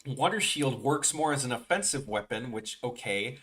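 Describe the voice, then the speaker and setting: A man's voice: medium pitch, animated, moderate pace, fairly bright tone. A young man with a Chicago accent chatting casually with viewers on a drawing livestream, rambling with lots of restarts. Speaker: art streamer.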